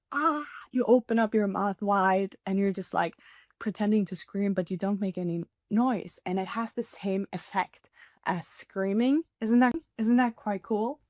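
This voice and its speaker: Hosting a casual solo podcast, this woman talks earnestly and encouragingly, laughing often and using lots of fillers. Her mid-range voice is a little mellow, captured in a clean studio with no room sound.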